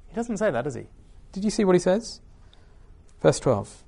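Lively, animated male preacher. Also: sits high, normal speed, creaky, breathy edge. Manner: asks the listeners questions, expressive reading of scripture. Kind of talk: sermon.

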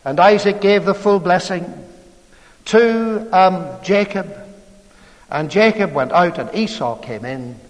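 A man's voice: high-pitched, lively intonation, slow pace. A man preaching a storytelling sermon in a chatty way, full of rhetorical tag questions. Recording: long hall reverb.

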